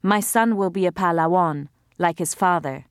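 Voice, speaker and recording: A woman voicing a proud, possessive middle-aged husband in an audiobook, boastful and self-satisfied, in her own low voice, recorded dry. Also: moderate pace, clean tone, no room sound, close to an everyday voice. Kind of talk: audiobook character voice.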